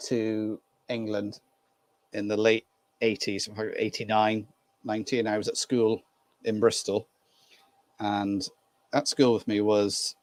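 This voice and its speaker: A man's voice: on the low side, a little mellow, dry recording. A man from Ireland hosting a casual live stream, chatting and laughing with viewers while he works on a model train. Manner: chatty, laughs easily, greets viewers by name.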